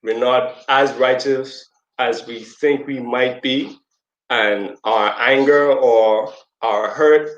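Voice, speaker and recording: A man speaking at a middle pitch, talking loosely and conversationally as he teaches through a story, with some echo from the room around him. He slips into a squeaky high voice when he quotes someone ranting. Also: highs cut off. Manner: conversational, loose, with fillers and asides. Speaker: speaker at a community presentation. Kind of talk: casual teaching talk with storytelling. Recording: roomy echo.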